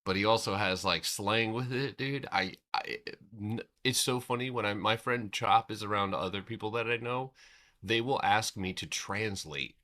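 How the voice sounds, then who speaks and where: A man's voice: fairly low pitch, moderate pace, bright, forceful tone. A man from the United States hosting a trading livestream in loose, slangy chat, swearing and laughing often.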